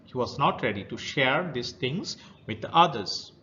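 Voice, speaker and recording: A man's voice: medium pitch, lively intonation, measured pace, bright, forceful tone, dull audio. A male teacher with an Indian English accent who reads a children's story aloud and then retells each passage in simple words. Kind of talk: reading a story aloud and explaining it.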